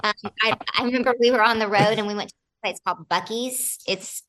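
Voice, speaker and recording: Brief: woman, bright forceful tone, animated storyteller on a video call interview. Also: mid-range voice, quick pace, rough recording. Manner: animated storyteller, acts out quotes. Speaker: actor guest. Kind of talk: casual interview chat.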